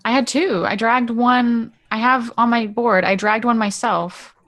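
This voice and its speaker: A woman's voice: a little high, steady tone, unhurried, a bit bright. A woman playing a tabletop game, matter-of-fact and insistent about her moves. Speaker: player.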